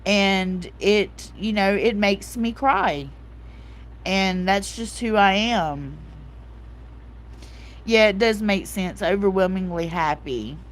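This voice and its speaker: Taking it slowly in a medium-pitched voice, this livestream host in her forties talks casually and with feeling. She reads out chat comments, repeats herself, and often says "um" and "like," coming across as tender and emotional.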